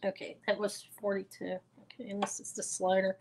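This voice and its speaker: A woman's voice: medium pitch, completely flat delivery, brisk, a little mellow. A woman hosting a live online jewelry auction, chatting casually and rambling with fillers and self-corrections. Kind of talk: casual live-stream selling chat.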